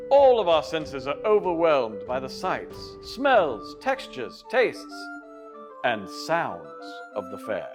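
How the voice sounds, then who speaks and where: A man in a put-on English accent narrating a training video in a playful, theatrical and emphatic way. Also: on the high side.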